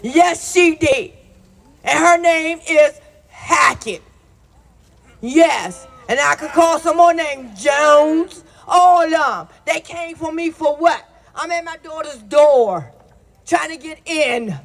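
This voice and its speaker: A woman angrily telling her story at an outdoor protest rally, shouting and swearing. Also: sits high, takes it slowly. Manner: shouting, furious, profane. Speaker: rally speaker. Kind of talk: angry protest testimony.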